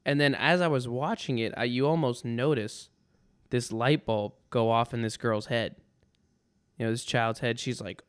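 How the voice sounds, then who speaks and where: A man with a smooth, resonant voice at an ordinary pitch, talking solo on his podcast. He rambles through a story with dry sarcasm, often stopping and restarting his sentences. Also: a little slow. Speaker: podcast host. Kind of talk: casual storytelling monologue.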